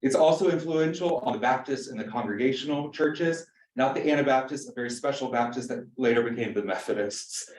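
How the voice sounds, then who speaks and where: A man's voice: medium pitch, fairly quick, few pauses, darkish tone. A man, a pastor teaching an adult church class in a joking, chatty way and quizzing the audience. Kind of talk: informal church class lecture. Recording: roomy room, mic at a distance.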